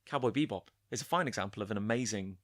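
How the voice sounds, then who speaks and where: A man's voice: on the low side, quick pace, a bit bright, dry recording, studio quality. A man co-hosting a casual chat about an anime episode, searching for words and restarting his sentences. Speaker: podcast co-host.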